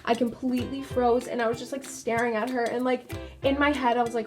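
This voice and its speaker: A woman's voice: a little high, steady tone, a little fast, faint music behind. Chatty young woman telling a story. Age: young adult. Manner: chatty, lots of likes and ums. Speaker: vlogger. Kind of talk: storytime while doing makeup.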